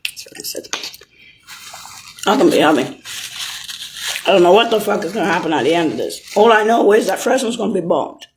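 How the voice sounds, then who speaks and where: Woman, rambling swearing rant, lively swooping pitch. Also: fast, slight background noise. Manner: rambling, swearing, swings from shouting to whispering. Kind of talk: rambling monologue.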